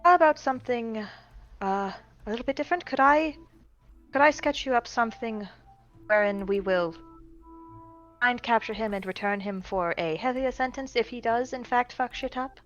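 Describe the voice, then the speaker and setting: A woman's voice: on the high side, moderate pace, dull audio, soft background music. A woman playing a tabletop game, talking casually and swearing, sometimes speaking in character. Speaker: player. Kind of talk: tabletop role-play.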